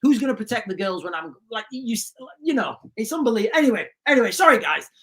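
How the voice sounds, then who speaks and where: A man's voice: sits high, big pitch swings, fast talker, bright, forceful tone. A man hosting a livestream, ranting emphatically, repeating himself and putting questions to his viewers. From United Kingdom. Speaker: livestream host.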